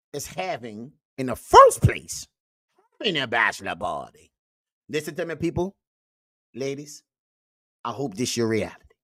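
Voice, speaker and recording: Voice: mid-range voice, dry recording, clean studio sound, heavily acted. A performer playing a preachy male uncle who lectures on red-pill views, a comedic character monologue that keeps repeating "you see" and "baby". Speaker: host.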